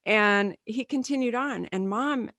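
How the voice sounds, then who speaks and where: A woman in her thirties, co-hosting a casual podcast chat, telling stories in a lively way and acting out what people said. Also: a little high, measured pace, no room sound, studio quality. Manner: animated storyteller, acts out quotes. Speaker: podcast co-host.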